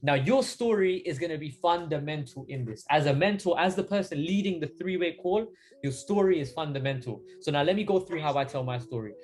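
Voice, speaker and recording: A young man coaching his team in a casual, energetic training talk, with many fillers along the way. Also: on the high side, brisk. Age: young adult. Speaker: sales mentor.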